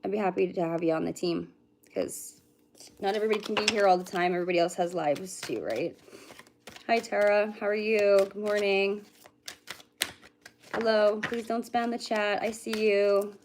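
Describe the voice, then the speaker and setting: A woman hosting live psychic readings, talking with her chat at an everyday middle pitch. She greets viewers one by one and fills the pauses by humming and murmuring to herself. The tone stays relaxed and conversational. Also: noisy background. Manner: chatty, greets viewers by name, hums and mutters to herself between readings. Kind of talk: casual livestream chat with viewers.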